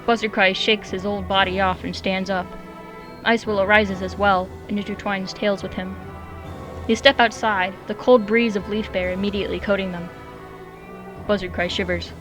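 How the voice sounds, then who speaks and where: Brief: woman storyteller, steady narration, faint music bed. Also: medium pitch, moderate pace. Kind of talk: reading her own story aloud.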